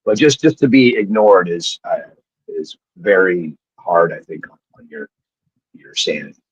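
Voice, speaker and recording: A man's voice: low-pitched, expressive, unhurried, breathy edge. A man, a former wrestler, telling rambling, profane stories as a guest in casual chat, heard through dull lo-fi remote audio. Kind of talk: casual storytelling.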